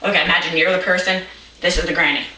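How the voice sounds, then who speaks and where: Young stand-up comic, rambling, stumbling restarts, bright voice, roomy echo, distant mic. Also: medium pitch, fairly even intonation, fast talker, a little hiss or hum. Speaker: stand-up comedian. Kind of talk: rambling absurd stand-up story.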